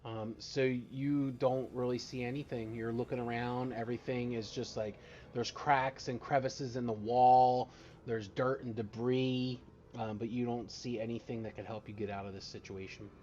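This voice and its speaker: A man's voice: medium pitch, little pitch movement, normal speed, a little mellow. A man sits behind the screen as game master of a tabletop horror game, talking casually and joking with his players. His voice sits in an ordinary middle range. The sound is a little dull and lo-fi, with a faint hiss underneath. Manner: casual, joking, searches for words. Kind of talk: running a tabletop game over voice chat.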